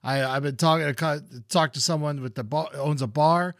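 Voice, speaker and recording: A man with a fairly high voice trades jokes on a casual podcast. He is loud and playful and often stammers into restarts. His voice sounds close and dry, with no room around it. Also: fairly even intonation, a little fast, no room sound. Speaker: podcast co-host. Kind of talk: casual comedic chat.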